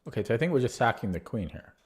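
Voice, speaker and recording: A young man streaming chess, thinking his moves out loud, repeating words as he calculates and chatting back to his viewers. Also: mid-range voice, big pitch swings, very fast, heavy background noise. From Canada. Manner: chatty replies to viewer chat. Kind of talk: live-stream chess commentary, thinking aloud.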